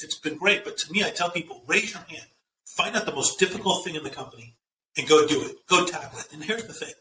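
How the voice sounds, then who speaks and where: A man being interviewed as a guest, telling stories with lively acted-out dialogue and frequent restarts. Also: on the high side, a little hiss or hum. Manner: animated storyteller, acts out quoted dialogue, repeats words when starting. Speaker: guest, CEO and author. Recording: roomy, distant sound with faint ambience.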